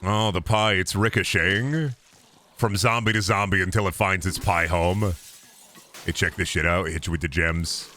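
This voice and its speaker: A young man giving loose, joking commentary while he plays a video game, rambling and swinging between loud outbursts and low mutters. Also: fairly even intonation, moderate pace. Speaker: gaming streamer. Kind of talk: casual gameplay commentary.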